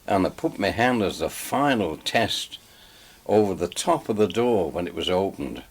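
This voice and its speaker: Deep husky older man reminiscing. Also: animated, normal speed. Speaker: interviewee recalling holidays. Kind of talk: archive oral-history reminiscence.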